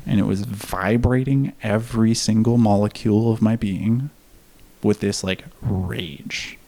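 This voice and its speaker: A man's voice: fairly low pitch, fairly even intonation, measured pace, vocal fry, warm tone. A man telling a candid personal story in casual conversation, laughing now and then and swearing freely. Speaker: podcast guest.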